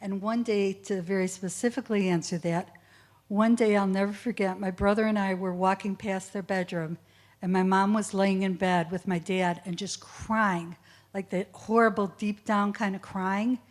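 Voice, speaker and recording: A woman's voice: mid-range voice, steady tone, moderate pace. Middle-aged woman, guest speaker, earnest and emotional, answering students' questions at an assembly. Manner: emotional, tearful at times, earnest. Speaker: guest speaker, child of a Holocaust survivor. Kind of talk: school assembly Q&A.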